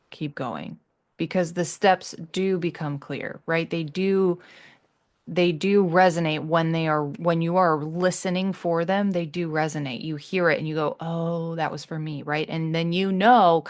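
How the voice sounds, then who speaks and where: A woman hosting her own podcast, talking earnestly and reassuringly to listeners, often halting and restarting. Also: sits low, steady tone. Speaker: podcast host. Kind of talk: heartfelt solo podcast talk.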